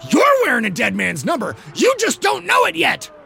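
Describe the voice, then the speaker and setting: A man voicing a wild, grinning male football lineman who growls and shouts taunts. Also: very high voice, wildly swooping pitch, normal speed, creaky, faint music behind, voice pushed up, full character voice. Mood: taunting.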